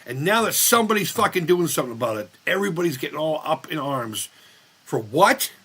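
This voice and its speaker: Fifties guy hosting a live chat, rambles and swears a lot, voice swings all over, bright tone. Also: fairly high pitch, very animated, brisk, slightly rough. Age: 50s. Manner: rambling, profane and blunt. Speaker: live-stream host reading chat. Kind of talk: casual live-stream chat.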